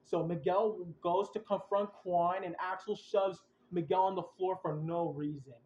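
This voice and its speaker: A young man hosting a podcast, excitedly retelling events in a rambling, casual way with slang. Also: sits high, unhurried. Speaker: podcast host. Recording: roomy, dull lo-fi sound.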